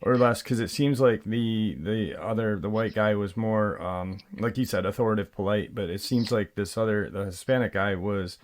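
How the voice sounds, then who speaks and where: Low-voiced male host, brief acknowledgments. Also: moderate pace, few pauses. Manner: short acknowledgments, thoughtful follow-up questions. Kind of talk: interview.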